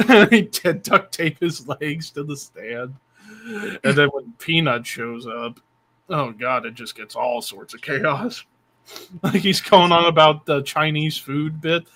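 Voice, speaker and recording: A man's voice: fairly high pitch, takes it slowly. A young man hosting a live stream, retelling a comedy bit in casual, swear-heavy chat. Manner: animated, swears a lot, jumps into bits with funny voices. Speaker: stream host.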